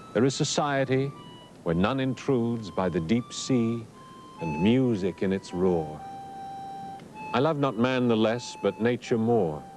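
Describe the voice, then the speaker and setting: A man reciting verse in a measured, solemn way. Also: on the low side, darkish tone. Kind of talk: poetry recitation.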